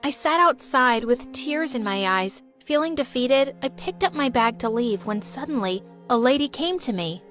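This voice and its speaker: A woman narrating an animated story in the first person, lively and emotional as a teenage girl. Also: a little high, normal speed, few pauses, faint music behind.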